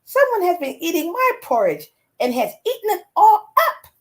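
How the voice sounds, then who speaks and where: A tiny, whiny bear cub in a storybook, as a woman puts him on. The voice is pitched far above her own and goes up and down a lot, squeaky and upset. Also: big pitch swings, normal speed. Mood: indignant. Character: small young male bear cub, whiny.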